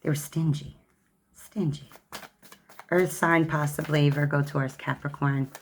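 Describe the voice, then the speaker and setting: A woman's voice: low-pitched, little pitch movement, moderate pace, a little hiss or hum. A woman giving a tarot card reading in a sassy, chatty way, calling the listener honey and child. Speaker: tarot reader.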